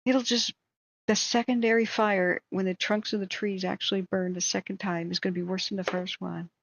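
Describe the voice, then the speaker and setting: A hoarse woman hosting a wildfire tracking livestream, ranting in angry, exasperated commentary. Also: medium pitch, level tone, moderate pace, a little hiss or hum, poor audio.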